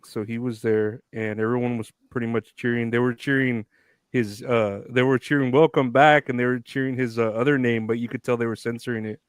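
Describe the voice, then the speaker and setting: A man's voice: mid-range voice, level tone, a little fast, clear, resonant tone, no room sound. Male co-host, loose rambling delivery, laughs a lot, dry close mic. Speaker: podcast co-host. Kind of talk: casual chat.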